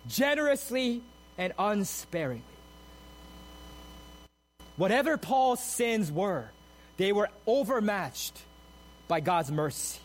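A man preaching a sermon, moving from steady explanation of the text to emphatic, soaring repeated phrases. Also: high-pitched, takes it slowly, pauses often, poor audio. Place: church sanctuary.

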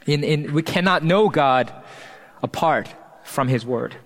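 A male pastor preaching a sermon in an earnest, emphatic way, slowing down and pausing to stress key phrases. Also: on the high side, a bit bright, long reverb tail. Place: church hall.

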